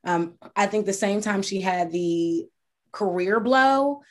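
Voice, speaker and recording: Chatty actress in an interview. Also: female voice, mid-range voice, animated, slow pace. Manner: chatty, reflective, many fillers. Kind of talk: casual interview chat.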